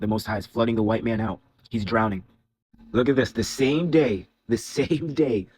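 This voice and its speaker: A man delivering an angry, preachy commentary monologue, profane and repeating his phrases for emphasis. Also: lowish voice. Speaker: video commentator. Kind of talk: heated religious commentary monologue.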